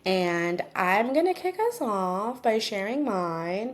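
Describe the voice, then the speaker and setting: A woman's voice: mid-range voice, slow pace. A young woman co-hosting a podcast, telling stories in casual chat and acting out both sides of the conversations. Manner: animated storytelling, acts out both sides of conversations. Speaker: podcast co-host.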